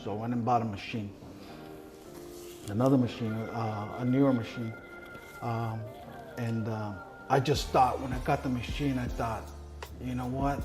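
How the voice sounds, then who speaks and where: A man's voice: mid-range voice, normal speed, long pauses, over music. A man telling a story in casual talk, swearing freely and acting out the voices of people he quotes. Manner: profane, animated, acts out quoted dialogue. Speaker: guest.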